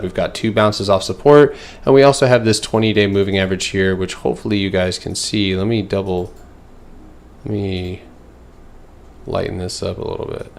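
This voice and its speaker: A man hosting a casual trading livestream, going through charts in a loose, filler-heavy way and answering his chat. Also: lowish voice. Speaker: stock trading streamer.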